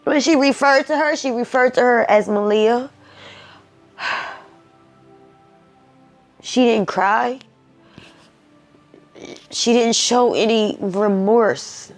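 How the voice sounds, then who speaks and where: Emotional, preachy woman with a slow, high voice. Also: soft background music. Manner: emotional, preachy, repeats herself. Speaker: commentary vlogger. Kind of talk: emotional personal commentary.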